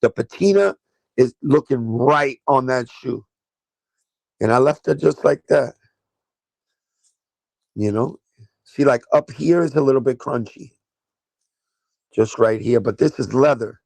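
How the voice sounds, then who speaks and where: A gravelly-voiced man with a New York accent chats on a casual sneaker livestream. He talks in a loose, excitable, profane way, full of banter. The sound is dry and close, with no room echo. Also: mid-range voice, measured pace, long pauses.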